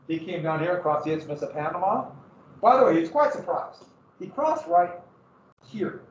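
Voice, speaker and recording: A man in his fifties teaching a history class in a conversational way, pointing things out on a map and pausing on fillers. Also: high voice, expressive. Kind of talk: classroom lecture. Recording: roomy, distant, dull mic.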